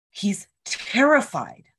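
A woman's voice: mid-range voice, fairly bright tone, slightly rough. A woman telling a story in casual chat, acting out what people said and swearing freely.

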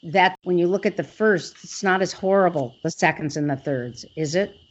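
A woman with a fairly low voice interviews a guest at a normal pace, asking questions and affirming the answers in a conversational way. The audio is dull and lo-fi.

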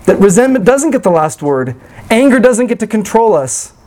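A man delivering a sermon with a fairly high-pitched voice. He preaches earnestly but conversationally, dropping in light self-deprecating asides. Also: sing-song, normal speed, a little mellow, low-quality recording. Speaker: pastor.

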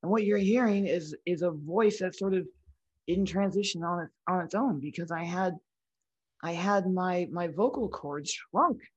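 A woman with a breathy, weak voice, talking frankly as a guest in a casual interview. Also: on the low side, moderate pace, muffled recording. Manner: frank, talks in restarts and lists. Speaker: comedian guest.

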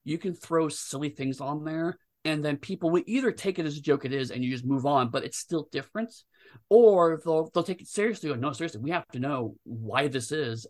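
A man, a game designer guest, talking at length in a rambling, animated way with many restarts. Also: on the high side, fast talker. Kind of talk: casual interview chat.

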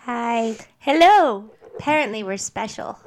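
A woman's voice: fairly high pitch, expressive, measured pace. A woman joining a casual podcast as a guest, with a dry, playful delivery. A faint noise sits under her voice. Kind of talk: casual chat.

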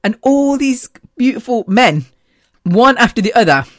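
A woman's voice: fairly high pitch, expressive, unhurried, no echo, clean studio sound. A woman hosting a podcast, talking in a gushing, chatty way and laughing often. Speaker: podcast host. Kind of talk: casual monologue.

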